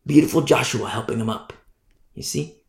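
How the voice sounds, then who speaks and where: Gravelly, emphatic preacher man. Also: mid-range voice, normal speed, roomy sound. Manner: emphatic, indignant, repeats "you see?". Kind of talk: sermon.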